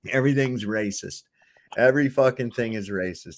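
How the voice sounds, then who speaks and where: A man's voice: medium pitch, expressive, moderate pace, darkish tone. A man hosting a livestream, reacting to clips with profane, sarcastic commentary and rants. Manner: sarcastic, ranting. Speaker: livestream host.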